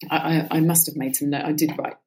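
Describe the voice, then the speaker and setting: A woman, maybe in her thirties, speaking as a guest in a relaxed, reflective conversation, with lots of fillers and a casual swear now and then. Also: low-pitched, fast, rough recording. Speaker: podcast guest.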